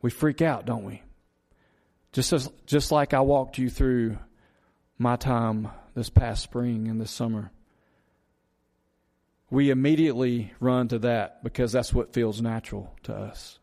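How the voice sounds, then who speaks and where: Slow, earnest preaching man. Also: medium pitch, fairly even intonation, creaky, mellow. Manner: earnest preaching with rhetorical questions and repetition. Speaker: pastor. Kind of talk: sermon.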